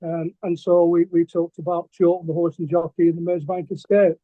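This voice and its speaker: A middle-aged man with a Lancashire accent tells his stories in a casual interview, halting often with ums and restarts. His voice sits fairly high. The sound is dry and thin, like a phone line. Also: flat delivery, no room sound. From England. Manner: hesitant, many ums and restarts. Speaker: guest artist.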